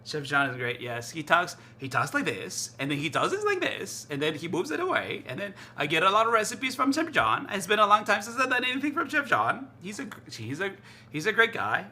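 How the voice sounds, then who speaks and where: A man chatting casually to his stream while cooking in his kitchen, excitable and rambling, often repeating himself. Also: sits high, a little fast, slight background noise. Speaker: live streamer. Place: home kitchen.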